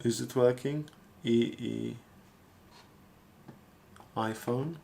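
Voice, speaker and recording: A man's voice: mid-range voice, fairly even intonation, extremely slow, creaky, warm tone. A man talking casually on a live stream, thinking aloud and rambling as he repeats himself. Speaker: street artist streaming live.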